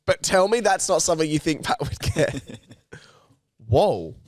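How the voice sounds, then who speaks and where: A man's voice: fairly high pitch, big pitch swings, a little slow, dry recording, studio quality. A young Australian man in casual podcast banter, blunt, crude and swearing a lot. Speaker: co-host.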